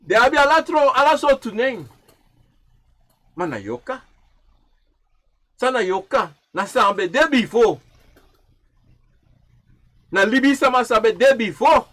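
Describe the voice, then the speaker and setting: Animated man, high lively voice. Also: slow pace, pauses often. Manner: repetitive, chanting phrases, swinging from loud to hushed. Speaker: livestream speaker.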